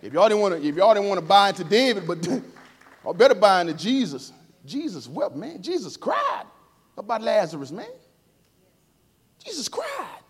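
Emotional preacher man, slightly high voice. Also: very animated, a little fast, slightly rough. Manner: emotional, swings between quiet and loud, calls out to the congregation; informal, playful asides. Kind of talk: sermon. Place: church service before a congregation.

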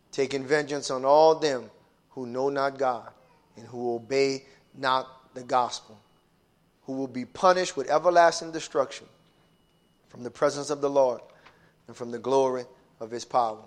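A male pastor preaching a sermon, swinging from booming shouts to low, hushed lines and calling out to the congregation. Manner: calls out to the congregation.

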